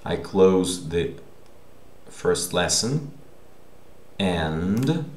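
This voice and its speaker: A man's voice: deep voice, expressive, slow, vocal fry. A man teaching a language lesson, patiently explaining each point and often checking in with "okay?". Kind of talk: recorded online language lesson. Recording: echoey room.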